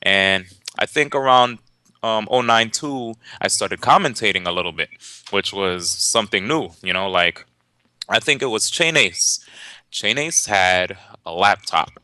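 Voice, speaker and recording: Bright-voiced young man telling a story. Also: fairly low pitch, measured pace, clear, resonant tone, no echo. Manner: lively, laughing storyteller with many fillers and restarts. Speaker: tournament organizer and commentator guest. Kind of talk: casual storytelling interview.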